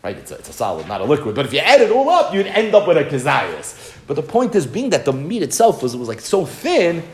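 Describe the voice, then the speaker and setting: A man's voice: a little high, fairly quick. A man teaching a Talmud lesson, animatedly acting out the rabbis' exchanges and mixing Hebrew and Aramaic terms into English. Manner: animated, acts out the rabbis' dialogue.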